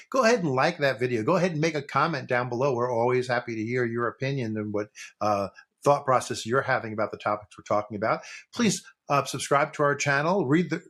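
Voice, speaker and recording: A man's voice: mid-range voice, fairly bright tone. Rambling, joking male podcast co-host. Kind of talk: casual chat.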